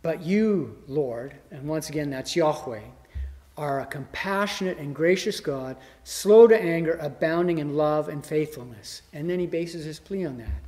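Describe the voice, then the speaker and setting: A man preaching a sermon expressively, swinging from loud emphasis to hushed, almost whispered lines. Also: fairly high pitch, unhurried, in a large hall. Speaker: pastor.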